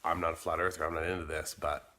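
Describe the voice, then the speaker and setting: A man's voice: deep voice, flat delivery, quick pace, pushed and bright. A middle-aged man telling his own story casually in a rambling way, repeating words and quoting his old messages. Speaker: vlogger.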